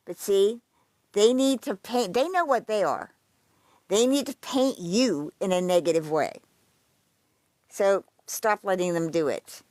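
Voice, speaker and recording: A woman's voice: medium pitch, unhurried, long pauses, a little mellow, dry recording. Blunt, rambling woman streamer, dry sound. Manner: blunt and profane, rambling with frequent restarts. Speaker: livestream host. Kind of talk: casual chat commenting on a list she reads aloud.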